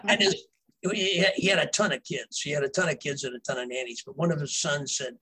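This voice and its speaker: A man's voice: on the high side, fast talker, bright, forceful tone, breathy edge, low-quality recording. A man, a novelist guest, telling casual behind-the-scenes stories in a rambling way, with fillers and restarts. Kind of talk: casual storytelling.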